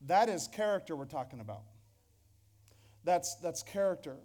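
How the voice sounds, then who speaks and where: A pastor with a fairly high, expressive, darkish voice preaches a sermon to his congregation in a church hall at normal speed. He's conversational and joking, often restarting his phrases.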